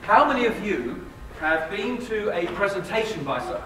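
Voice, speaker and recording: An Englishman giving a live talk in a lecture hall, teasing the crowd and poking fun at himself. His voice sits high for a man. It reaches the mic from some way off, with heavy echo and a steady noise behind it. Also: normal speed. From England. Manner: joking, self-mocking, quizzes the audience. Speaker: guest speaker. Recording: very echoey hall, distant mic, noisy.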